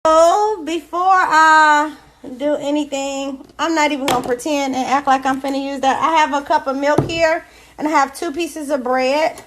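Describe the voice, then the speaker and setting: A woman's voice: high voice, fairly even intonation, normal speed, a bit bright, slight background noise, poor audio. A woman hosting a home cooking video, chatty and explaining each step as she cooks in her kitchen. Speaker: cooking show host. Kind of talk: casual cooking demonstration.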